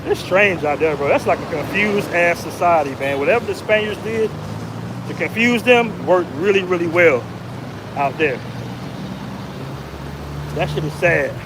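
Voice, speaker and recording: An American man talking casually and loosely in a vlog, slangy and animated when he retells what people said. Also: high-pitched, a little slow, long pauses. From United States. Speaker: vlogger. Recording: noisy outdoor street recording.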